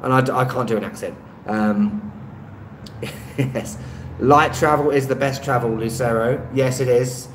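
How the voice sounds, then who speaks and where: A man's voice: medium pitch, unhurried. Chatty man in an echoey room. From England. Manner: rambling and hesitant, with frequent ums and light laughs. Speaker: YouTuber hosting a live stream. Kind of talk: casual live-stream chat, reading viewer comments. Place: indoor room, street traffic outside. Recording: echoey room with faint street noise.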